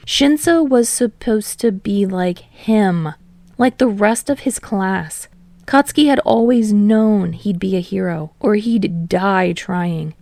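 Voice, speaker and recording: Woman reading fanfic aloud, low gravelly voice, super dry close sound. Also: no echo. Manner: steady storytelling narration. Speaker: podfic reader. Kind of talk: reading fan fiction aloud.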